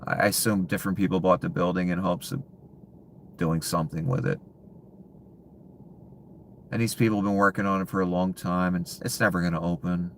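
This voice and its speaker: Man, extremely deep voice, bitter contemptuous rant, swears, drops to hushed mutters, faint background hiss. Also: fairly even intonation, fairly quick, pauses often. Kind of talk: ranting monologue.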